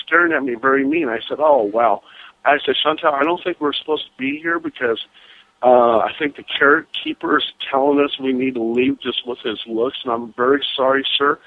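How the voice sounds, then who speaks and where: A man calling in as a guest, telling ghost stories in an animated, excitable way with frequent laughs. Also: mid-range voice, no echo. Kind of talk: phone-in storytelling. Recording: tinny phone line.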